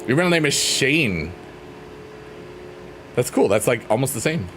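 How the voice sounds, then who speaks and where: A male streamer talks loosely and playfully to his chat, with a pitch that swoops up and down as he rambles and teases. Soft piano music plays faintly underneath. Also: big pitch swings, a little slow. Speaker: livestreamer reading chat. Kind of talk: casual livestream chat.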